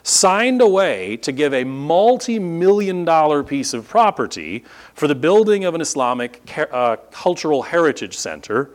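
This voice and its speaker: At a church podium, a male pastor preaches in a very animated, somewhat high voice at moderate speed. He throws rhetorical questions at the congregation and dramatizes incredulous reactions.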